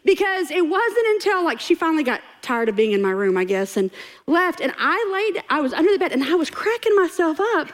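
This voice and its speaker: A woman's voice: sits high, a little fast. A woman telling a funny personal story in a sermon, laughing and acting out voices. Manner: animated, laughing storyteller who acts out quotes. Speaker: preacher. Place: church stage before a congregation.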